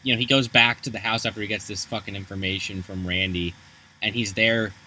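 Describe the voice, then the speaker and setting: A man's voice: fairly low pitch, fairly even intonation, a little fast, pushed and bright, slight background noise, low-quality recording. A man co-hosting a podcast, retelling movie scenes in a profane, chatty way. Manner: profane, storytelling with quoted lines. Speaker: podcast co-host. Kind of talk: casual movie recap chat.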